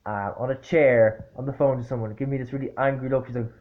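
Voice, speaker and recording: A man tells a story straight to the camera in a loose, halting way, stumbling over fillers and restarts. He is blunt and swears easily, with an exasperated edge. His voice sits at an ordinary pitch, and the recording sounds dull and lo-fi. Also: fairly even intonation. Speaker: vlogger. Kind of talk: casual anecdotal storytelling.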